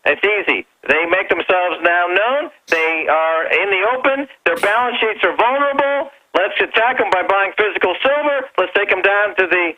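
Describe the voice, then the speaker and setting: A man's voice: sits high, lively intonation, moderate pace, few pauses. A man calling in as a guest on a talk radio show, brash and provocative, on a phone line. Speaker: guest commentator. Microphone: telephone.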